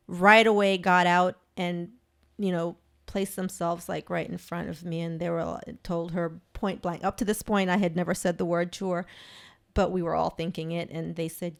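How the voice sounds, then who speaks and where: A woman's voice: lowish voice, steady tone, measured pace, gravelly, clear, resonant tone. A woman from Belize, a guest author, telling a personal story in earnest with many restarts. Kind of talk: conversational interview.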